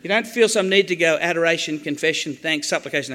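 A man preaching a sermon on the Psalms, animated, acting out quoted prayers with jokey asides. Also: on the high side, fast.

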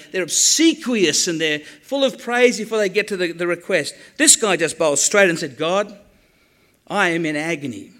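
High-voiced man preaching. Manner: animated, acts out quoted prayers, jokey asides. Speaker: preacher teaching on the Psalms. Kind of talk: sermon.

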